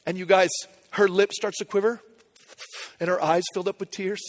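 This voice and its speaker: A man preaching a sermon in a relaxed, conversational way, telling a story with humor. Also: high voice, normal speed. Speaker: pastor.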